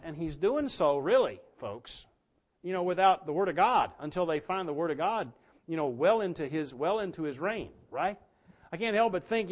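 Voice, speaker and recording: Man preaching a bible study. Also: high-pitched. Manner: conversational, many fillers, reads scripture slowly and emphatically. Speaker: pastor. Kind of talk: bible teaching sermon.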